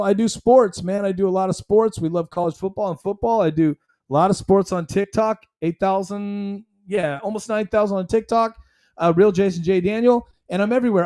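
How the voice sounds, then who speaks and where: A man's voice: high-pitched, darkish tone. A man hosting a solo commentary podcast, talking emphatically in a rambling, conversational way. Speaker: podcast host.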